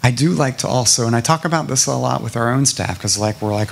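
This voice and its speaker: Middle-aged man from South Carolina, gravelly husky voice, impassioned speaker at a public forum, stacks lists and rhetorical questions. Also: mid-range voice, lively intonation, quick pace. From South Carolina, USA. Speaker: nonprofit president speaking to an audience. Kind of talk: public talk answering a question.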